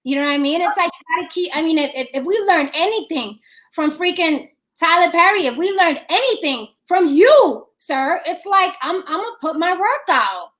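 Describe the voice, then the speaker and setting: A woman with a high voice chatting casually about making films. She talks bluntly and profanely, hammering her points with repetition. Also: expressive, normal speed, fairly bright tone. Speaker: filmmaker. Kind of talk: casual chat.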